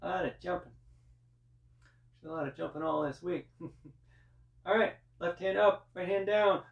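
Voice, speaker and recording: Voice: mid-range voice, moderate pace, creaky, far from the mic, muffled recording. A yoga teacher guiding a live class through breath and poses, with chatty asides. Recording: roomy, voice from off-mic.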